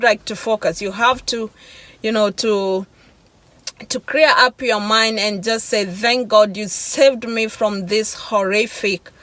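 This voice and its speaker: A woman's voice: fairly high pitch, a bit bright, no echo. A young woman vlogger telling a shaken, emotional personal testimony, repeating herself and slipping between laughs and near-tears.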